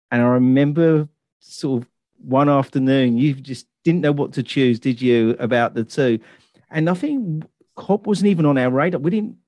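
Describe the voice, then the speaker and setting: London-accented male interviewer, warm mellow tone, dry close sound, relaxed questioning. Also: mid-range voice, dry recording. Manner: relaxed, asks leading questions with tag questions. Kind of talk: casual interview.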